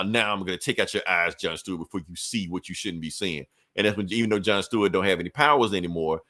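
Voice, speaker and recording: A man hosting a podcast, recapping a comic issue in loose casual storytelling, acting out characters' lines in quick asides with plenty of profanity. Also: lowish voice, sharp tone. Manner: frequent profanity and fillers. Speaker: podcast host.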